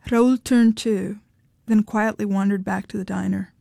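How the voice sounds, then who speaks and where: Brief: measured female storyteller, mellow warm tone, dry close mic. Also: medium pitch, steady tone, creaky, dry recording. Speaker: narrator. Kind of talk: audiobook reading of literary fiction.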